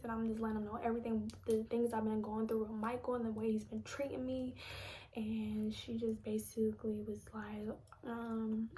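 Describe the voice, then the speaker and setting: A woman's voice: fairly high pitch, level tone, normal speed, warm tone, a little hiss or hum. A young woman telling a personal story to her viewers, often half-whispering and holding back tears. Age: young adult. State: close to crying. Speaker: vlogger.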